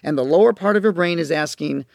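Speaking quickly with vocal fry in a slightly high voice, a male parenting educator and counselor delivers a recorded lecture to parents. He explains earnestly and with emphasis. The sound is studio quality with no room sound.

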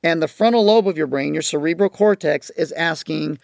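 A brisk, gravelly, fairly high male voice belongs to a parenting educator and counselor teaching parents in a recorded lecture. He's earnest and emphatic. The audio is clean studio sound with no room noise.

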